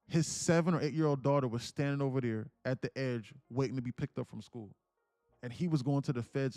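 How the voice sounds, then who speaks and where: A man's voice: medium pitch, darkish tone, no room sound. A young man telling an emotional story on a live stream, earnest and preachy, repeating himself, swearing casually and near tears. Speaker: day trading streamer.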